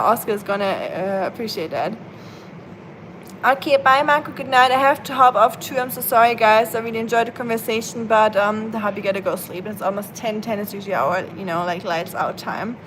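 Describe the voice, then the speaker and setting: A woman's voice: a little high, normal speed, fairly bright tone, slight background noise, low-quality recording. A woman live streaming and chatting casually with her viewers, playful and laughing often. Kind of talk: casual chat. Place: at home, rain outside. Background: rain ambience.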